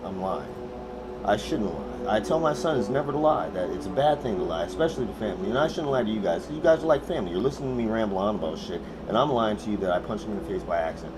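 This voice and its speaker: A man's voice: on the low side, fast. Guy ranting a crazy story on his own show, swears a lot, voice jumps all over, noisy room behind him. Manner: profane, animated, swings from mumbling to shouting. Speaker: host. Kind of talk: casual storytelling monologue.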